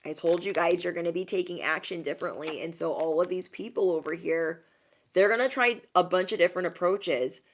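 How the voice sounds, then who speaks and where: A woman giving a casual tarot reading to her viewers, sassy and emphatic, repeating lines for effect. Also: a little fast. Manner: mocks others in high put-on voices. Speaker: tarot reader.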